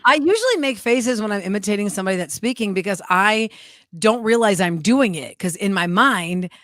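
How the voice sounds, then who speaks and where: A woman radio host in casual on-air chat, expressive and quick to laugh. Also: medium pitch, no echo, clean studio sound. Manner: expressive, laughs often, puts on voices in anecdotes.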